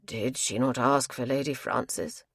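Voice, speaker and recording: A woman's voice: a bass voice, steady tone, a little slow, a bit bright, slightly rough, dry recording, clean studio sound, voice pushed down, full character voice. A woman voicing an earnest, emphatic middle-aged male country doctor.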